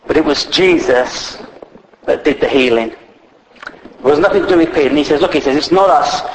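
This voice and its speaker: A man's voice: on the high side, moderate pace. A man preaching a sermon, retelling scripture in plain conversational speech with frequent fillers. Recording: echoey, faint background noise.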